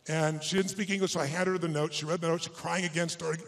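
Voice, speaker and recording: Middle-aged male motivational speaker, slightly high voice, emphatic, storytelling to a live crowd. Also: steady tone, fast, a bit bright. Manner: emotional storytelling, emphatic and exhorting. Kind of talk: live stage talk to an audience.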